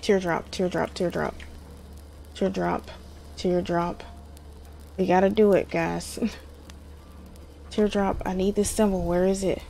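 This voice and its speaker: A woman's voice: lowish voice, little pitch movement, slow, vocal fry, long pauses, dark tone, slight background noise. A woman commentating her own horror game playthrough, jumpy and exclaiming, talking to herself and her viewers. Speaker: gamer. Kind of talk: horror let's play commentary.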